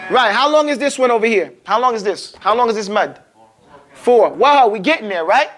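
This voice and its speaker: Casual teacher, very high voice, drills recitation in class. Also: male voice, expressive, fairly bright tone. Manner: casual, joking, quizzes students, models words slowly.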